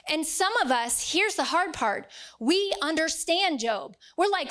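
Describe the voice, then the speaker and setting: High-voiced woman preaching a sermon. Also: animated, a little slow, a bit bright. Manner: earnest, emphatic, acts out quoted voices.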